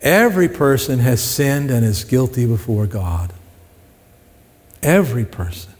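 A man's voice: medium pitch, expressive, a little slow, breathy edge, long reverb tail. A man preaching a sermon in a conversational way, often asking the congregation questions. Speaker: pastor.

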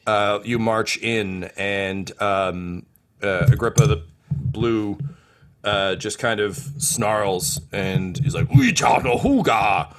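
A man's voice: on the low side, fairly even intonation, slow pace. Easygoing man narrating as game master. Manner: rambling, with frequent fillers and soft trailing-off. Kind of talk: narrating a tabletop game, casual.

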